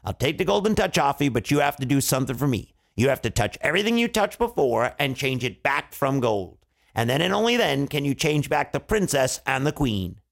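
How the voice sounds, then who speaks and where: A storyteller voicing a cheeky magical bird who jokes and deliberately mishears. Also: male voice, mid-range voice, very animated, creaky. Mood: bargaining. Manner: wisecracking, playful mishearings. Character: cheeky magical male bird, joking trickster.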